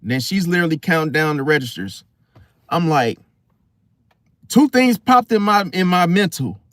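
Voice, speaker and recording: A man's voice: a little high, normal speed, no room sound, studio quality. A man telling a story to his viewers in a casual vlog, slangy and profane, talking straight to them. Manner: animated, slangy and profane, addresses viewers directly. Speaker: astrology vlogger.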